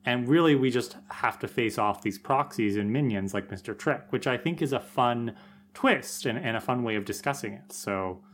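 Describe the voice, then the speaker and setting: A man's voice: medium pitch, normal speed, a bit bright, a little hiss or hum. A man co-hosting a podcast in casual chat, analyzing an episode with fillers and small restarts. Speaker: podcast co-host.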